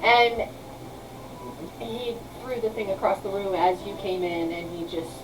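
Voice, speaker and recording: A woman running a tabletop game as game master, narrating in a halting, rambling way with many restarts. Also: mid-range voice, far from the mic, noisy background.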